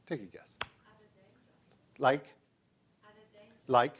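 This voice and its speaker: Extremely slowly, a middle-aged man gives a talk as a researcher before a live audience, eager and prone to digressions, often asking the listeners questions. His voice is medium-pitched, somewhat bright and breathy at the edges.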